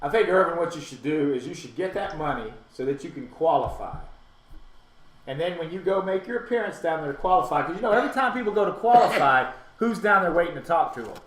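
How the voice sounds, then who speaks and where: Male host, high lively voice, animated and persuasive, echoey studio. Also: quick pace. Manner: animated, persuasive, stammers on restarts. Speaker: radio show host. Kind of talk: casual chat.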